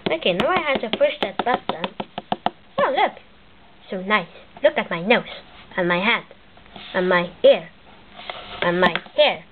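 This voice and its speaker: A woman voicing a childish, spiteful male plumber who plots against his brother, speaking broken English over a tinny, hissy line. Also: mid-range voice. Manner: broken English, excitable narration of a toy skit. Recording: tinny lo-fi with loud hiss.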